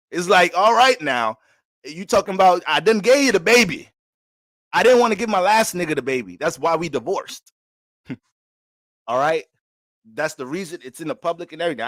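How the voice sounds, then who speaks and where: A man's voice: mid-range voice, dry recording. A man doing a casual astrology reading on a livestream, talking in loose slang and laughing often.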